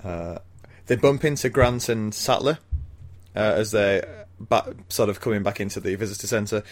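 Low-voiced man casually recapping a film. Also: moderate pace. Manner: rambling recap with frequent ums and laughs. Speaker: podcast co-host.

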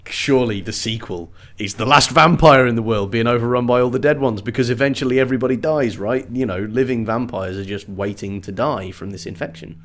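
A man's voice: mid-range voice, fairly quick, few pauses, fairly bright tone. A man co-hosting a casual book podcast, talking in a rambling, jokey way. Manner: rambling, jokey, trails into playful voices. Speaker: podcast co-host. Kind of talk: casual book-club chat.

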